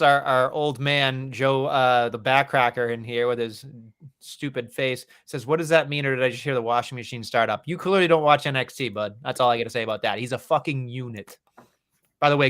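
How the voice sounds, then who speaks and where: A man's voice: mid-range voice, a bit bright. A man co-hosting a podcast, casually chatting and joking about wrestling, swearing freely. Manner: laid-back, joking, profane. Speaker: podcast co-host.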